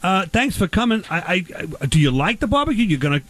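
A man's voice: sits high, sing-song, quick pace, fairly bright tone. A man hosting a comedy sketch, brash and rambling, teasing his guest. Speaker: host.

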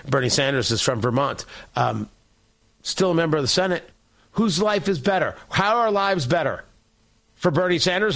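A man's voice: high voice, a bit bright. A man hosting a political talk show, delivering an opinionated monologue in a sarcastic, combative, mocking way.

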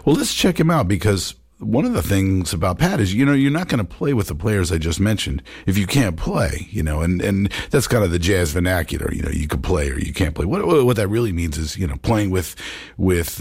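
A man's voice: sits low, expressive, brisk, a little mellow, slightly rough, dry recording, studio quality. A man hosting a jazz radio show, musing in a loose, rambling way with plenty of fillers as he talks about records.

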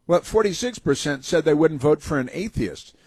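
A man's voice: on the high side, lively intonation, normal speed, darkish tone, breathy edge. A man hosting a political talk radio show, sarcastic and mocking, rambling with many fillers and restarts.

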